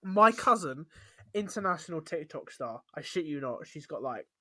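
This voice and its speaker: A man's voice: fairly high pitch, very animated, moderate pace, sharp tone, no room sound. A young man hosting a podcast, chatty and rambling, laughing a lot in casual talk. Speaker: podcast host. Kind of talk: casual chat.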